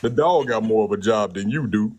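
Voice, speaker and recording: A man's voice: fairly low pitch, brisk, darkish tone, breathy edge, lo-fi sound. A man calling into a live stream, telling stories in a laid-back, slangy way. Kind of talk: casual live stream chat.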